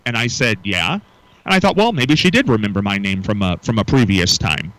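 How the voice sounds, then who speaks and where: A man's voice: fairly low pitch, animated, moderate pace, fairly bright tone, no room sound, rough recording. A middle-aged man hosting a casual morning radio talk show, musing aloud and often repeating words as he restarts.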